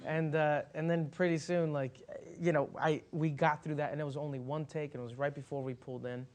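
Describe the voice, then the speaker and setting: A man's voice: fairly high pitch, steady tone, brisk, a little mellow. A man, an actor guest at a Q&A, telling a casual anecdote in a rambling way, with many fillers and restarts and laughter running through his talk. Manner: laughs as he talks.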